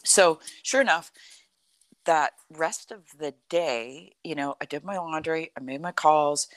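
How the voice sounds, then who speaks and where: A middle-aged woman telling a personal story in a conversation, animated and full of "like" and "you know". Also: deep voice, measured pace, no room sound. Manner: animated, acts out quoted dialogue, frequent "like" and "you know".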